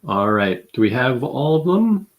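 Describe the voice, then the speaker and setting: A man's voice: medium pitch, big pitch swings, measured pace, lo-fi sound. A man on a video call reading out game entries with mock-dramatic emphasis. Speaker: game show reader. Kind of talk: casual streamed chat, reading entries aloud.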